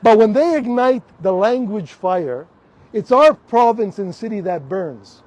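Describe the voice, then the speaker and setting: High-voiced Canadian man giving a protest speech. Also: animated, measured pace, a little mellow, highs cut off. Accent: Canadian English. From Toronto, Canada. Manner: impassioned, emphatic, repeats rallying slogans. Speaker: rally speaker. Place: outdoors in front of a hospital.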